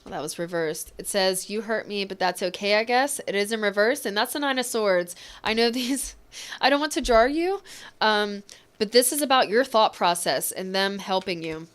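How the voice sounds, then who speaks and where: Smooth-voiced woman giving a tarot reading. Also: mid-range voice, lively intonation, moderate pace. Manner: gentle, emotional, reassuring, choked up at times. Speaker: tarot reader.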